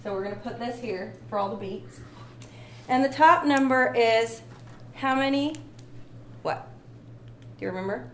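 A woman's voice: a little high, measured pace, long pauses, fairly bright tone. A woman teaching a music lesson, patient and encouraging, sometimes singing short phrases to demonstrate. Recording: echoey room with faint ambient noise.

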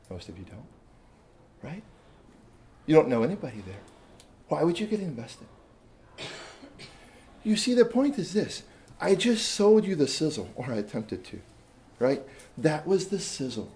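A man telling a story to a room of teachers, animated and shifting between loud emphasis and quiet asides. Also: fairly high pitch, normal speed, long pauses. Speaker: speaker addressing teachers. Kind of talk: storytelling talk to an audience.

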